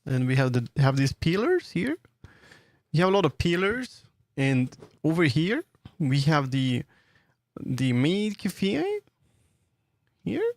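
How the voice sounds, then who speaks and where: A man's voice: on the high side, huge pitch swings, takes it slowly, no echo. A man with a Swedish accent, streaming and chatting casually as he builds in 3D, rambling with many fillers and restarts. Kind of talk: casual live-stream commentary while working in 3D.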